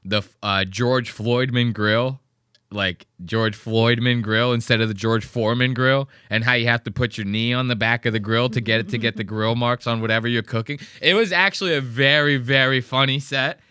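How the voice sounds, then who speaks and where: A man's voice: medium pitch, steady tone, fairly quick, few pauses, pushed and bright, smooth, no echo, clean studio sound. A man hosting a podcast, joking and rambling profanely while reacting to comedy clips. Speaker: podcast host. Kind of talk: casual reaction commentary.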